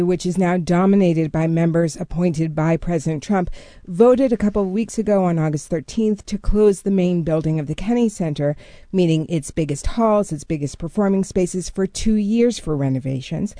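A woman culture correspondent explaining a story in a measured, steady way during a radio news interview. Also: lowish voice, no room sound.

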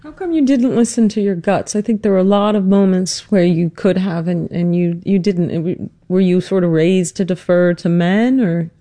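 A narrator telling a family story in a reflective, earnest, measured way, and also interviewing their mother. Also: medium pitch, dark tone, dry recording. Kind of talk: personal documentary narration and interview.

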